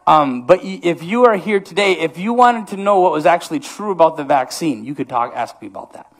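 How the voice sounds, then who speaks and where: A man's voice: a little high, lively intonation, brisk. A man with an Upper Midwest American accent preaching a comedic sermon, self-mocking and rambling with many restarts. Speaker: pastor. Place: church sanctuary.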